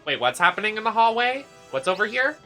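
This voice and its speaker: A game streamer giving campy, sassy, playful live commentary with loud gasps and squeals. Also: medium pitch, big pitch swings, quick pace, soft background music. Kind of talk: live let's-play commentary.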